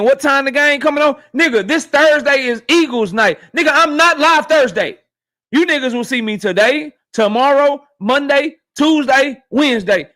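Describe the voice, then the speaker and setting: A man hosting a boxing livestream, ranting in a profane, animated, casual way straight to his chat. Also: very high-pitched. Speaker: boxing YouTube host.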